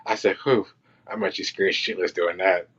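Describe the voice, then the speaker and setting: A man's voice: deep voice, steady tone, normal speed, a bit bright, breathy edge. A man who works on film crews tells casual stories from set as a podcast guest, acting out quotes and reactions. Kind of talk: casual storytelling. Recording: dull lo-fi sound.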